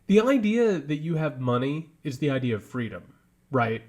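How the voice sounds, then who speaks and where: A man co-hosting a casual political podcast, talking in animated, emphatic bursts. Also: a little high, moderate pace. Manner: animated, rising emphatic outbursts. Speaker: podcast co-host.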